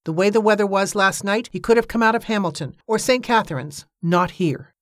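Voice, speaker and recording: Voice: medium pitch, brisk, no echo, studio quality, pitched above the performer's own voice, close to an everyday voice. A narrator reading the lines of a blunt, guarded older boatman in an audiobook. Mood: curt. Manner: curt and firm, sharp when crossed. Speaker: character in an audiobook.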